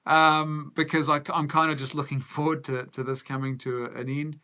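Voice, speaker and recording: A middle-aged man with a New Zealand accent hosts a casual movie news live stream, musing aloud as he answers viewer comments. His voice sits on the high side and sounds sharp and smooth, with a flat delivery at a normal speed.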